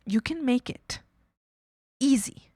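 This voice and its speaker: A woman's voice: sits high, expressive, slow pace, warm tone, dry recording, clean studio sound. A young woman from Canada chatting casually on a stream, rambling and swearing with many fillers. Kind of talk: casual chat.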